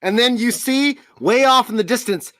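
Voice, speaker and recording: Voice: medium pitch, moderate pace, fairly bright tone, slight background noise. A game master narrating a tabletop game, laughing often and telling it with crude, playful humor.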